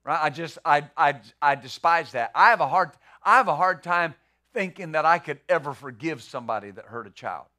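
A man's voice: on the high side, animated, a little fast, sharp tone. A middle-aged man pastor preaching a sermon in a conversational way, full of rhetorical questions and repeated words.

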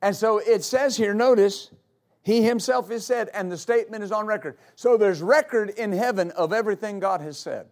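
A man's voice: sits high, moderate pace. A man preaching a sermon to a congregation as pastor, emphatic, repeating key phrases for weight. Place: church service before a congregation.

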